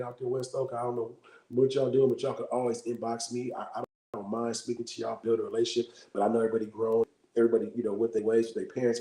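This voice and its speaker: Bay man, fast mellow delivery, casual livestream storyteller, keeps checking in with listeners, echoey room. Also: mid-range voice. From Bay Area, California. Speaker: livestream host.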